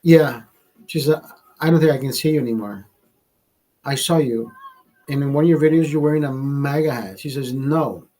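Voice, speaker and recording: Profane ranting husky-voiced man. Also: medium pitch, normal speed, pauses often, dark tone, low-quality recording. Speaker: livestream host. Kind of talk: ranting storytime monologue.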